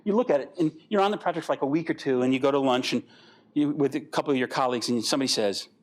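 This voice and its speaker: An older man giving a conference talk, animated and rambling, acting out the voices of the people in his stories. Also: mid-range voice, rapid-fire. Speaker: guest speaker.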